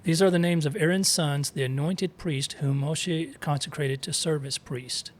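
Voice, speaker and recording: A man's voice: a little high, fairly even intonation, moderate pace. Man reading and explaining scripture. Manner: reads verses aloud, sounds out Hebrew words, explains with asides. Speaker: co-host teaching scripture. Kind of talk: casual Bible study discussion.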